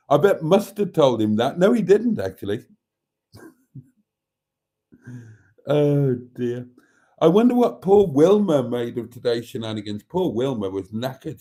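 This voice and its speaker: Man, livestream host, slow, lively pitch, mellow tone, chatty and playful. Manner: chatty and playful, echoes items back. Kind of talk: casual chat reading out viewer comments.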